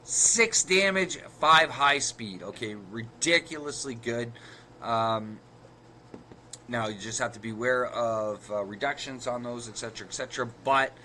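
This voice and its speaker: A man co-hosting a card game podcast walks step by step through the math of card plays in a casual explanatory chat, correcting himself along the way. His mid-range voice has a sharp tone at normal speed, with slight background noise.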